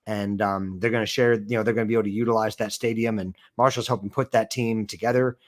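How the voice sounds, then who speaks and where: A man's voice: fairly low pitch, fairly even intonation, quick pace. A man co-hosting a casual sports stream, explaining at length with many "I mean" and "you know" fillers. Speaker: co-host.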